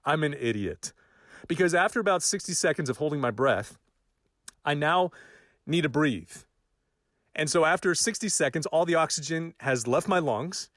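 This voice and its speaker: A man telling a personal story in an animated, self-mocking way, his voice climbing when the tension builds. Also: medium pitch, no echo, clean studio sound. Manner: animated, self-mocking, rising excitement at key moments.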